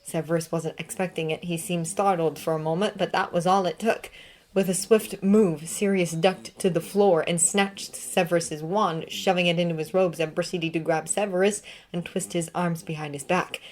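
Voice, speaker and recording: Low-voiced woman reading a story. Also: fairly even intonation, moderate pace, a little mellow. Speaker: reader. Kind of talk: fan fiction reading.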